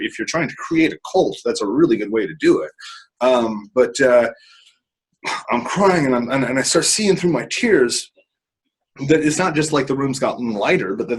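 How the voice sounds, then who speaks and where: A man's voice: mid-range voice, husky, poor audio. A man being interviewed, telling a personal story candidly, rambling with many restarts and some casual swearing. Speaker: interview guest.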